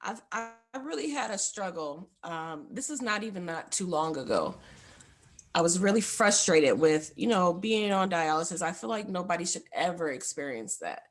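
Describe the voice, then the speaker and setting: A woman's voice: fairly low pitch, animated, moderate pace. A young woman, a guest on the show, giving a heartfelt personal testimony in a rambling way, full of fillers.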